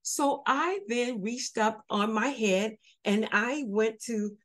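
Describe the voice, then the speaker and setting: A woman's voice: fairly high pitch, slow pace, a bit bright. Earnest woman telling her story. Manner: earnest, candid, with frequent fillers and restarts. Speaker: guest sharing her story. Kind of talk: personal storytelling.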